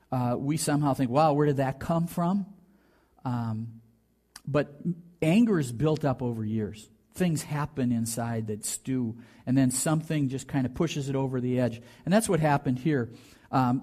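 A man preaching a sermon, talking through a Bible story and acting out the quoted lines with a lifted, louder voice. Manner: animated preaching, acts out quotes with rising pitch. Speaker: pastor.

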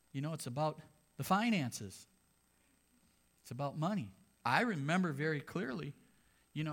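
A man's voice: on the high side, sing-song, normal speed, long pauses. A man, a pastor, preaching a sermon in a conversational way, with sarcastic asides.

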